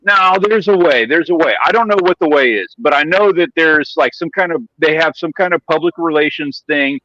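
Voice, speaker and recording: A man's voice: a little high, a little fast, bright, forceful tone, no echo, highs cut off. A man in a casual stream chat, telling stories eagerly and swearing casually.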